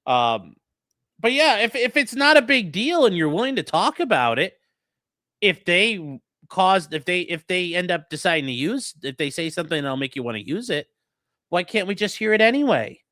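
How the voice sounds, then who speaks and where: A man's voice: high-pitched, very animated, normal speed, sharp tone, dry recording, studio quality. A man hosting a casual, profane commentary on a hearing, mocking the lawyers and mimicking them. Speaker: host commenting on a livestreamed hearing.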